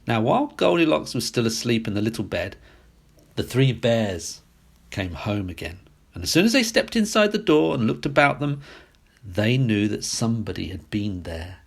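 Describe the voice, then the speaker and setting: A man reading a classic fairy tale aloud as a storyteller, expressive and sing-song. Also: lowish voice, moderate pace, gravelly, husky.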